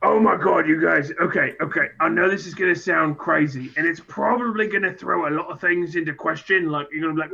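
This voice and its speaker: Brash boastful guy at a tabletop game, gravelly bright voice, kinda high, dull lo-fi sound. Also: brisk, few pauses. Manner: brash, boastful, swears freely. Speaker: player.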